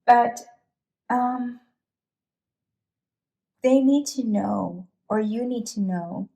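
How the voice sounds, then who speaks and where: A woman giving an emotional pick-a-card tarot reading, sighing and halting with many restarts as she speaks to her viewers. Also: on the high side, creaky, warm tone. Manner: speaks directly to viewers, calling them you guys. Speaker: tarot reader.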